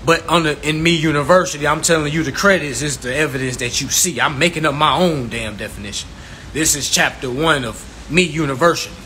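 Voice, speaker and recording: A man's voice: a little high, fairly quick, sharp tone, a little hiss or hum. A man teaching viewers about credit in an informal, preachy lecture, swearing a lot for emphasis and repeating his points. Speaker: self-styled credit instructor.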